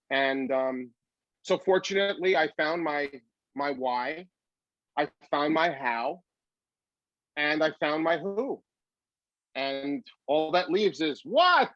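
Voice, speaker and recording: A man's voice: fairly high pitch, no room sound. Upbeat man musing, muffled sound. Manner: upbeat, philosophical, rambling with fillers. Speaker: comedian. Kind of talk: reflective storytelling in an interview.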